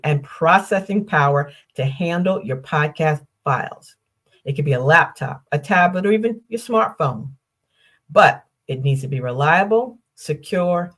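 An older woman hosting her own podcast, explaining things step by step in an upbeat way, posing questions and walking through lists. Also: sits low. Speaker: podcast host. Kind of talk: solo podcast teaching.

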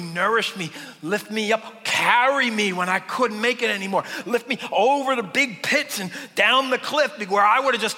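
A man preaching a sermon as pastor, dramatic, dropping from loud bursts to hushed whispers. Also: sits high. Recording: long hall reverb.

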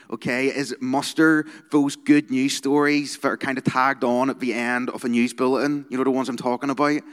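A Northern Irish youth worker speaks to a gathered audience in an easy, conversational sermon style, tagging his points with quick "okay?" check-ins. His mid-range voice carries a long reverb tail from the large hall around him. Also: medium pitch. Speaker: youth worker giving a talk. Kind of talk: informal sermon talk.

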